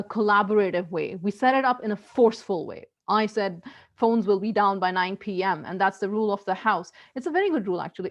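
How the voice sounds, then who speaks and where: A woman's voice: mid-range voice, dull audio. A woman giving earnest parenting advice in casual talk, often repeating herself and restarting her sentences. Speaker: parenting coach.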